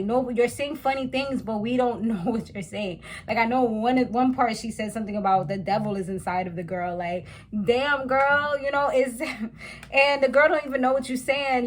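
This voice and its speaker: A woman from the West Indies hosts a casual reality TV recap. Her voice sits a bit high, and she talks in a loose, slangy way, addressing her viewers directly. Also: a little hiss or hum.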